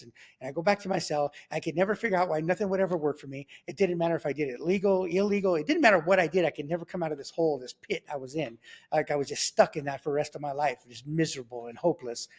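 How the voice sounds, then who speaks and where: Brief: man, fast and animated testimony storyteller, slightly high voice, casual and conversational. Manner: animated, acts out his own quoted remarks; conversational, checks in with the listener. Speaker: guest sharing a faith testimony.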